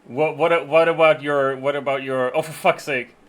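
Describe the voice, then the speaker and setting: A man's voice: a little high, fairly even intonation, normal speed. A male live streamer with a slightly raised voice chats casually while reading terms of service aloud. He swears freely and jokes along, often stammering and starting his sentences over. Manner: profane, joking, stammers and restarts often.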